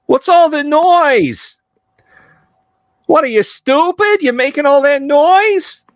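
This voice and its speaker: A man voicing a cranky old woman who shouts scolding questions down from a window. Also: high voice, animated, slow pace, no room sound, studio quality, pitched above the performer's own voice. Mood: annoyed yelling.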